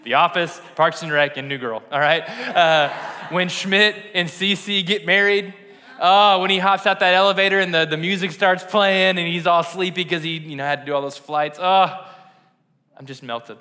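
A man's voice: on the high side, normal speed, sharp tone. A young man preaching a casual, conversational sermon, chatty and self-deprecating, often laughing at himself. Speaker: pastor. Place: church sanctuary. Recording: long reverb in a hall.

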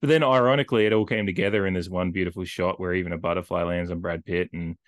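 Deep-voiced man, rambling film chat. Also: quick pace, no room sound, clean studio sound. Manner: rambling, lots of "like" fillers, animated retelling. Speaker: podcast co-host. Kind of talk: casual film discussion podcast.

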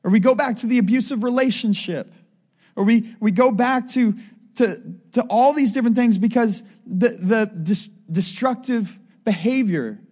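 A man's voice: very high voice, moderate pace, darkish tone. A man giving a conversational sermon, often asking his listeners "right?" as he teaches. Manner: conversational preaching, asks the crowd "right?" often. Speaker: preacher.

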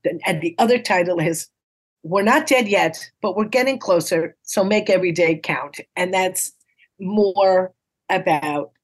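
Woman, sixties, from New York City, comedian guest, low-pitched, lively and encouraging, acts out dialogue. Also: measured pace. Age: 60s. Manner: lively, acts out quoted dialogue in playful voices; encouraging, punchline-driven delivery. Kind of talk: casual interview storytelling.

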